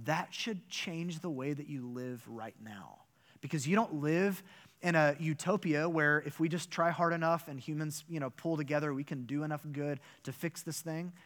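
A man, a pastor, delivering a sermon with animated, emphatic storytelling and rhetorical questions. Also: a little high, moderate pace.

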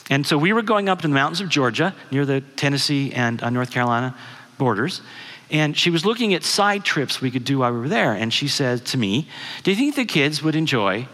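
A man's voice: medium pitch, expressive, fairly quick, a bit bright. Chatty man preaching in a reverberant hall. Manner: conversational storyteller, asks the audience questions. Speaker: guest speaker. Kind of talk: sermon with personal story.

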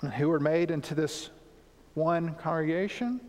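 A pastor preaching a sermon in earnest, emphatic tones, repeating key points for weight. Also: male voice, fairly high pitch, moderate pace, a little mellow, big-room sound.

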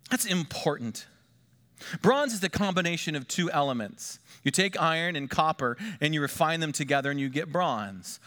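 A middle-aged man preaching a sermon as pastor, moving between hushed, quiet asides and lifted, emphatic lines. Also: on the high side.

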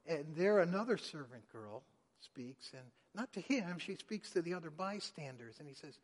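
Male pastor, fairly high-pitched, dramatic sermon delivery in an echoing hall. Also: expressive, moderate pace. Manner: dramatic, acting out quotes with sharp swings in loudness. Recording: long hall reverb.

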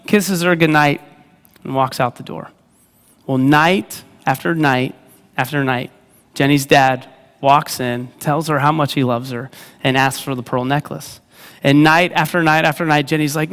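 A man in his thirties giving a casual sermon, conversational and animated, acting out voices as he tells a story. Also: on the high side, normal speed. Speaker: youth ministry leader preaching. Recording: long hall reverb.

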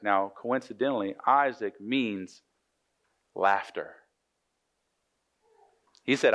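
A man's voice: lowish voice, drawn-out words, long pauses, fairly bright tone, highs cut off. A man preaching a casual sermon, retelling scripture in a joking, conversational way with frequent restarts.

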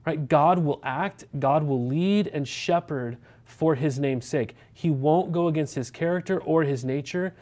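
A man's voice: on the high side, a little slow, hardly any pauses, darkish tone. A man, a pastor preaching a sermon in a conversational way, asking many rhetorical questions and checking in with the congregation.

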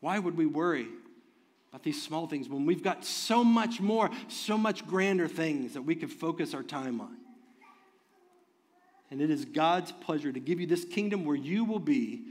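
Pastor guy preaching, slightly high voice, swings soft to loud and fervent, long church echo. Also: expressive, normal speed. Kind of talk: sermon. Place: church sanctuary. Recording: long reverb of a large hall.

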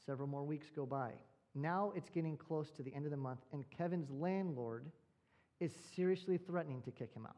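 A man's voice: a little high, fairly quick, mellow. A male pastor preaching a sermon, telling a story and posing rhetorical questions.

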